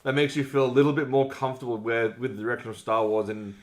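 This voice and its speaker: A man's voice: medium pitch, fairly even intonation, fast talker. A man co-hosting a casual podcast chat, rambling with many restarts and repeated words. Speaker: podcast co-host.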